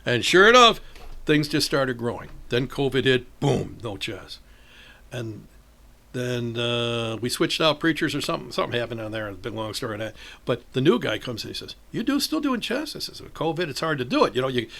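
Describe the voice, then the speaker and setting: Brisk and mid-range with vocal fry, this older man from northern Illinois, USA, runs a chess club. In a casual interview he tells animated stories, voicing the people in them and laughing frequently.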